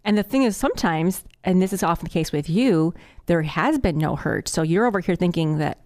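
A woman's voice: lowish voice, animated, brisk, few pauses, a little mellow. A woman co-hosting a casual podcast chat about marriage with her husband, talking chattily with lots of "like". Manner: chatty, uses many fillers like "like". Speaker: podcast co-host.

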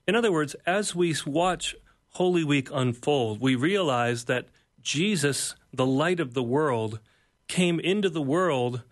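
A man, a pastor and author, speaking as an interview guest in an earnest, preacher-like way, building points through repeated phrases. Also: mid-range voice. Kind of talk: reflective devotional talk.

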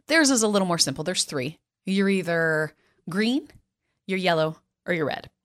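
A woman's voice: on the low side, expressive, moderate pace. A woman hosting a podcast, talking casually and asking the guest reflective questions. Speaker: podcast host. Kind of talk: casual conversational interview.

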